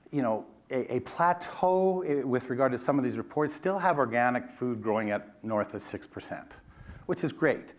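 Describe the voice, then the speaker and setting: A middle-aged man giving a conference keynote, telling a self-deprecating story with lively energy. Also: medium pitch. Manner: animated, self-deprecating storyteller who mimics his boss. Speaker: keynote speaker. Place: conference stage before an audience.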